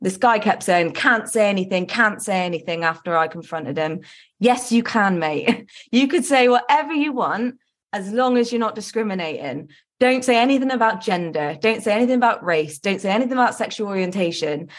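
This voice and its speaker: A woman's voice: mid-range voice, lively intonation, moderate pace. A woman co-hosting a football podcast, talking candidly and earnestly with lots of ums and restarts. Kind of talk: casual podcast chat.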